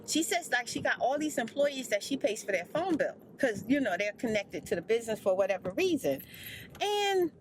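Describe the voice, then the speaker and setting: Animated older woman rambling high. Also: moderate pace, noisy background. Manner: animated, repetitive, complaining, acts out dialogue. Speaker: ASMR creator. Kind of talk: rambling storytelling chat.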